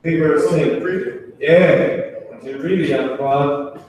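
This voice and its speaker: In a very echoey room with the mic far away, a man with a fairly high, slightly mellow voice teaches a Hebrew class at a board, speaking a little slowly. His style is casual, with repeats, restarts and drawn-out key words; a little hiss or hum is present.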